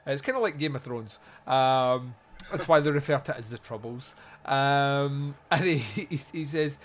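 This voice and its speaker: A man's voice: on the high side, normal speed, slight background noise. A man hosting a podcast, chatting casually about a film, rambling and joking with lots of fillers. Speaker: podcast host. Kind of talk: casual film review chat.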